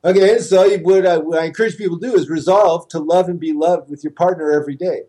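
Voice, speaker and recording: Mellow earnest man giving advice. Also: on the high side, steady tone, quick pace. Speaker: guest therapist. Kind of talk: interview conversation.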